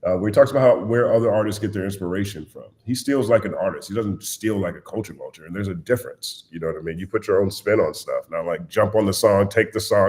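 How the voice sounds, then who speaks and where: A man with a low voice talks in a blunt, animated way. He chats casually as a podcast guest and tells stories with energy. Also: quick pace, hardly any pauses. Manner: animated, blunt storyteller, puts on voices when quoting.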